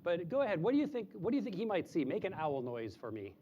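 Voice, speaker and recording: A man's voice: wildly swooping pitch, quick pace, dark tone, lo-fi sound, slight background noise. A man presenting live animals to a group of children, chatty and explaining in simple terms, sometimes hooting like an owl. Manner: imitates owl hoots in a high voice. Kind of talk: live animal show for kids.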